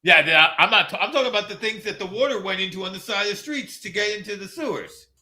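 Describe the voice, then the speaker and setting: A man's voice: high-pitched, lively intonation, fast talker, pushed and bright. A middle-aged man chatting casually as a podcast co-host, rambling and restarting his sentences. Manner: rambling, many fillers and restarts, laughs easily. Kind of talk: casual chat.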